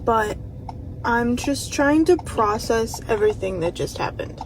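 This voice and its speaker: A woman's voice: fairly high pitch, animated, measured pace, low-quality recording. A woman rideshare driver telling a story in a casual vlog from her car, blunt and emotional, swearing freely. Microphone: phone held in hand. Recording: loud road noise behind.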